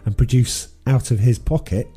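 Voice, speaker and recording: A man's voice: mid-range voice, moderate pace, dark tone, husky, faint music behind. A man co-hosting a podcast, casually retelling a film plot with many ums and restarts. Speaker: podcast co-host. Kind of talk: casual film recap chat.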